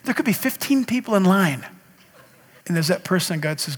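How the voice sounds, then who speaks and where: A man preaching a sermon as pastor, animated and acting out conversations, swinging from hushed to shouting. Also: high voice, moderate pace, husky, big-room sound. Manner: animated, acts out dialogue, shifts from hushed to shouting.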